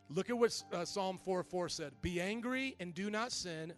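A man in his thirties preaching a sermon, joking with the congregation and then slowing into soft, calm reading. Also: sits high, faint music behind. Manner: animated, jokey preaching that drops to a slow soft voice. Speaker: pastor.

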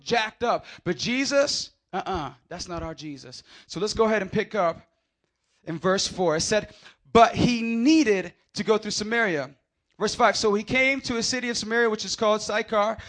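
A male pastor delivers a lively sermon in a high voice. He acts out the people in the story and swings from quiet asides to shouted lines. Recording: audio of a live sermon.

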